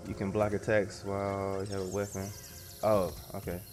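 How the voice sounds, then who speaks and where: A man's voice: low voice, completely flat delivery, moderate pace. A man streaming a game in casual commentary, jumpy and easily startled, talking in slang to his viewers. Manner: jumpy, swears and laughs when startled; casual slang, addresses viewers as bro and y'all. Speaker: gaming streamer. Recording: game music in the background.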